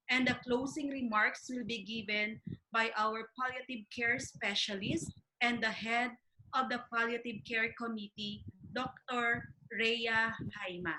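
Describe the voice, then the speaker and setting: A woman's voice: a little high, pushed and bright, a little hiss or hum, rough recording. A woman doctor opening a hospital lecture with a formal, scripted welcome and speaker introductions.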